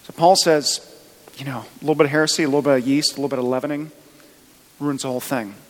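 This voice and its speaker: A man's voice: mid-range voice, fairly even intonation, fast, in a large hall, low-quality recording. A man preaching a sermon as pastor, chatty, with joking asides. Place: church.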